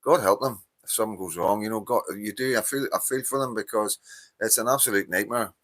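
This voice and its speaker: Man, Northern Irish accent, very low pitch, bright forceful tone, tired, rambling livestream chat. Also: brisk. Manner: rambling, frequent fillers, greets viewers by name. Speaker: livestream host. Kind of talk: casual live-stream chat.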